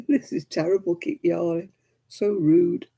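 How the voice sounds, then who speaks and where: A mellow, husky woman's voice on the low side, steady in tone and measured in pace with some vocal fry, carries this casual crochet chat. She's livestreaming her crafting from home, rambling along and quietly counting stitches.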